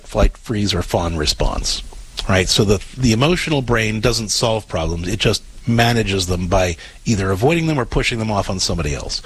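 A man's voice: on the low side, a little hiss or hum, low-quality recording. A man hosting a call-in advice show, explaining earnestly and often repeating words as he starts sentences. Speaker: radio advice show host.

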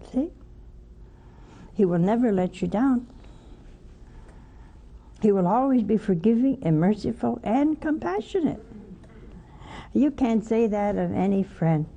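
A woman with a warm, mellow voice preaching as a religious sister. She tells homely stories and keeps turning to her listeners with questions like "see?" and "hmm?". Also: a little high, gravelly. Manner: folksy storytelling with rhetorical questions. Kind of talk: homily-style spiritual talk.

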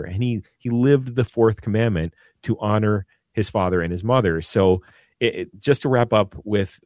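A man with a fairly low voice talks earnestly as a priest guest on a radio show. He often stumbles and repeats words. The studio sound is close and dry. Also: moderate pace, darkish tone, dry recording. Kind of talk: radio talk on devotion.

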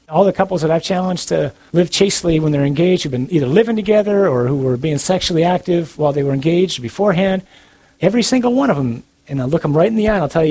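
Give me a husky-voiced man preaching as a priest, blunt and animated, voice sitting a bit high. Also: fast, poor audio. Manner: earnest, direct, animated with bursts of humor. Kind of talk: sermon talk on relationships.

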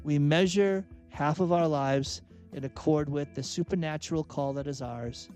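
A man's voice: fairly high pitch, moderate pace, hardly any pauses, darkish tone, soft background music. A man giving an earnest, emphatic spoken reflection on Catholic faith, repeating phrases for emphasis. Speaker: Catholic speaker and author.

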